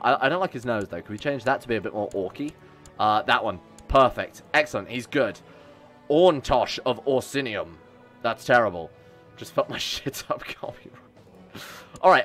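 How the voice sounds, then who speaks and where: A man's voice: medium pitch, fairly bright tone. A young man, chatting casually and joking with his chat while he sets up a strategy game on stream. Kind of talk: live game commentary. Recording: faint music behind.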